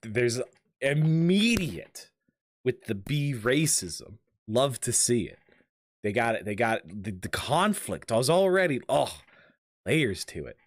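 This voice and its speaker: Man, live game streamer: jokey, rambling, very lively pitch. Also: takes it slowly, no echo. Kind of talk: live gameplay commentary.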